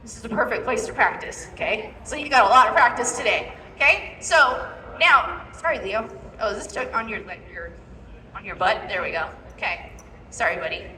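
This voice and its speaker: Woman dog trainer leading a live demo, high-pitched and bright, checking in with "okay?", heard from a distance in a reverberant hall. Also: normal speed, slight background noise. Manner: instructive, repeats "okay?" to check in. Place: large indoor expo hall. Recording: echoey hall from far off.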